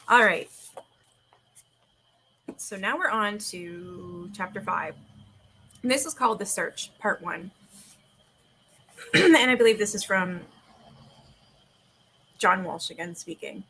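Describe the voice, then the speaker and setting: A woman in her forties hosts a laid-back livestream from home, speaking at an ordinary middle pitch and a moderate pace. She drifts between reading aloud and chatting, tossing in casual swears despite a sore throat. Long pauses break up her talk, and the poor-quality audio carries slight background noise.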